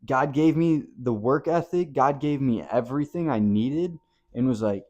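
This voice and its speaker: A man giving a motivational talk to camera, blunt and impassioned, swinging from hushed to loud and swearing casually. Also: medium pitch, moderate pace, highs cut off. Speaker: motivational speaker.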